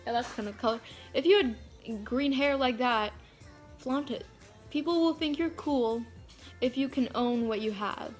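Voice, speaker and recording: A woman's voice: high voice, moderate pace, soft background music. A teenage girl vlogging to her phone camera, chatty and frank, swearing freely and filling her talk with "like". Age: teens. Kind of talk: casual rant to camera.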